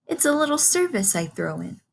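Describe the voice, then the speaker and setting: A woman voicing a calm female spider with a sweet, musical, brisk way of speaking, reading a storybook aloud. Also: fairly high pitch, vocal fry, pitched above the performer's own voice, heavily acted.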